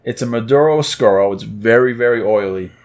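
A man co-hosting a podcast, talking in a relaxed, casual way and swearing now and then. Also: on the low side, brisk. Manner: laid-back, swears casually. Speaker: podcast co-host. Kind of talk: casual chat.

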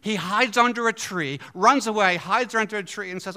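Bright-voiced, animated male preacher. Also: high-pitched, moderate pace. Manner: animated, asks the audience questions. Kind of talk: sermon.

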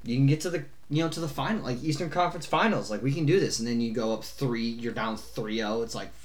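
A man's voice: mid-range voice, steady tone, fast talker. A man co-hosting a podcast in a casual sports chat, rambling with lots of fillers, restarts and offhand swearing. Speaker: podcast co-host.

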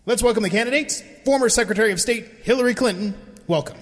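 A man's voice: extremely high pitch, fast. A man playing a debate moderator in a satirical sketch, using a formal announcer-style delivery. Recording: long hall reverb.

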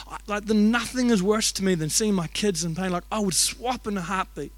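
A man's voice: high voice, a little fast, hardly any pauses, no echo. A man preaching at a church service, telling a personal story in an earnest, conversational way, full of "like" and asides. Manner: conversational, earnest, heavy use of "like". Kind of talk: emotional storytelling sermon.

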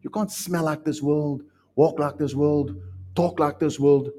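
A man with a South African accent preaching a sermon as pastor, emphatic and repetitive, with sudden loud rises. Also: a little high, fairly even intonation, a little slow.

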